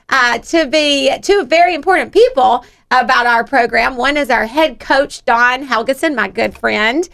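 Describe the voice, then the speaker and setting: High, gravelly-voiced woman host. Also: fairly bright tone. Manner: chatty, upbeat, frequent fillers and restarts. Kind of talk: casual interview show.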